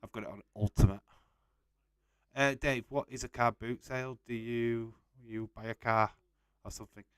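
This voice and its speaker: A man's voice: medium pitch, level tone, normal speed, clean tone, dry recording. A young man casually hosting a live stream, reading out and answering chat messages and laughing often.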